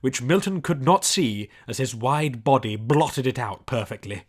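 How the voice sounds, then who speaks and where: Brief: male storybook narrator, mid-pitched, descriptive reading. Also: animated, a little slow. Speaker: audiobook narrator.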